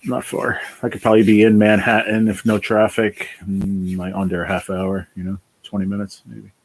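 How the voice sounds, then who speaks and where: Brief: weary New man, livestream host, gravelly and husky, casual and blunt. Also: fairly low pitch, level tone, moderate pace. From New Jersey. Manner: tired, sighing, swears casually. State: worn out. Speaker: livestream host reading chat.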